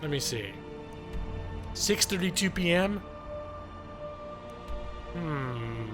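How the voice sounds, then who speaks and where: A man rambles cheerfully through live gameplay commentary, poking fun at himself as he goes. His voice sits a little higher than most men's. Faint music plays beneath his talk. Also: lively intonation, extremely slow. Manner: chatty, joking, self-deprecating. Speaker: gaming streamer.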